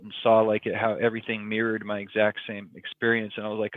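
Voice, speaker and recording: A man's voice: fairly low pitch, level tone, normal speed, no echo. A man, a podcast guest telling a personal story in casual, rambling talk full of ums and likes. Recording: tinny phone-like line, dry.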